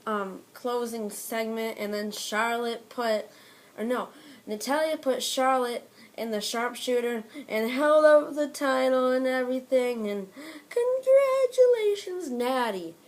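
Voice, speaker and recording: A woman's voice: fairly high pitch, fairly even intonation, unhurried. A woman vlogger giving a casual, rambling recap of a wrestling episode, full of "um" and "blah, blah" asides.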